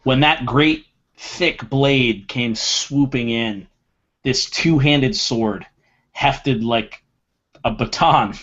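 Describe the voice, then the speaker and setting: A man playing a tabletop game, narrating his character's actions dramatically and acting out his shouts. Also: medium pitch, drawn-out words, lo-fi sound. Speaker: player.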